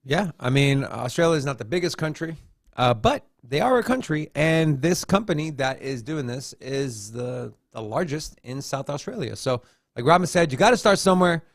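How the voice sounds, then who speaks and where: A man's voice: on the high side, lively intonation, moderate pace, dry recording, clean studio sound. A man co-hosting a casual crypto news show, reading headlines aloud and tossing in joking asides. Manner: reads headlines then adds joking asides. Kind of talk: casual news read-through with commentary.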